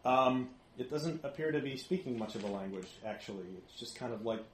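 A man's voice: mid-range voice, lively intonation, a little fast, roomy sound, slight background noise, poor audio. A man narrating as game master, loose and rambling, laughing often.

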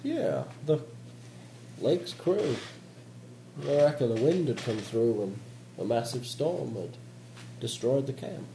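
A man voicing a weary male radio operator at a polar base with a Southern American accent, gruff and brooding as he tells of grim things. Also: mid-range voice, animated, slow, pauses often, dark tone. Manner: gruff, brooding, ominous storytelling. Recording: roomy table recording, faint noise.

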